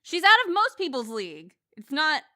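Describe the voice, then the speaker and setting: A woman's voice: high voice, very animated, normal speed, sharp tone, dry recording, studio quality. A young woman co-hosting a podcast, chatting casually about a movie, with lots of fillers and restarts. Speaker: podcast co-host. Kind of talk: casual movie review chat.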